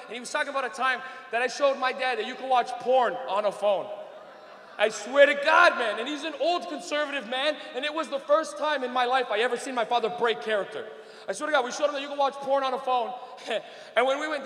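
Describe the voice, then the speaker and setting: A loud, profane male comedian performing stand-up on a club stage into a handheld mic. His voice sits high and bright for a man, and it rings with a long hall reverb. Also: quick pace. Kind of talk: stand-up routine.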